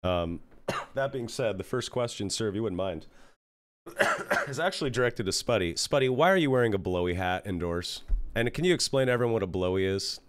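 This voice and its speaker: Male host, low voice, hoarse and coughing, dry sound, animated. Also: brisk, no room sound. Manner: animated, swears freely, acts out quotes. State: sore throat, coughing. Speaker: podcast host. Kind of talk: casual chat.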